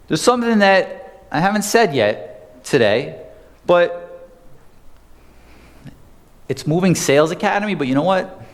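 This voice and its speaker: Male sales trainer, fairly high voice, punchy live-seminar delivery, long hall echo. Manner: energetic, conversational, asks the audience questions. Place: seminar room.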